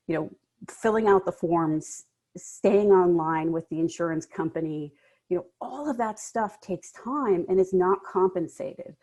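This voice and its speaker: A woman law professor giving fast, emphatic remarks on a panel. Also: fairly low pitch, darkish tone.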